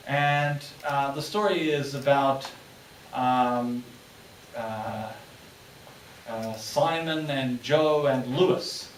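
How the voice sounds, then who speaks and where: A man from New Zealand lecturing an audience and telling jokes in an animated way, acting out the characters' lines. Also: medium pitch. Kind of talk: storytelling in a lecture. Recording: echoey room, distant mic, faint hiss.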